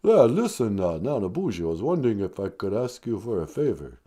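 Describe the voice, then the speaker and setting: A man's voice: lowish voice, sing-song, dark tone. A man doing a mumbling tough-guy boxer. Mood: gruff. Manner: mumbling, halting, slurred tough-guy drawl. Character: gravelly tough-guy boxer calling in, male, middle-aged. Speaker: caller.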